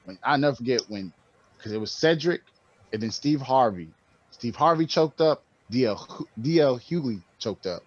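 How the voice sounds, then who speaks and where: A man's voice: medium pitch, moderate pace, dull audio. A man co-hosting a podcast, speaking in casual conversation, telling stories animatedly with lots of slang. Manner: animated storytelling with frequent slang and profanity. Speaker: podcast co-host.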